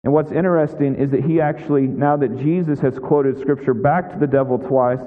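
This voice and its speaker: A man's voice: mid-range voice, brisk. Conversational male pastor, tinny hall recording. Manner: conversational, with frequent "right?" asides and restarts. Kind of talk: sermon. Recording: tinny lo-fi sound in a big echoing hall.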